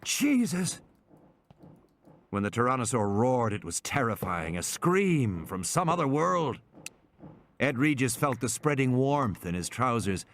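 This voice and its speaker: A man narrating an audiobook in a dramatic, scripted style. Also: moderate pace. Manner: dramatic, lively pitch swings.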